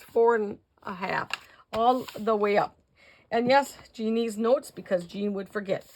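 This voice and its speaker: An older woman hosting a casual crafting tutorial, chatting to viewers as she works and counting out measurements. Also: fairly high pitch.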